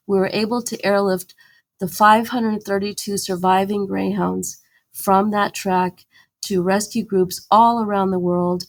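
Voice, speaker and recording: A woman's voice: mid-range voice, steady tone, unhurried. A woman campaigner, a guest in a podcast interview, telling her story earnestly and with animation, with fillers and restarts.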